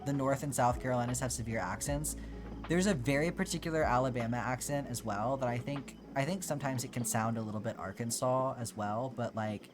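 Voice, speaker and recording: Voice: medium pitch, fairly quick. A streamer from Georgia chatting casually and answering live chat, talking through thoughts with many fillers and restarts. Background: background music.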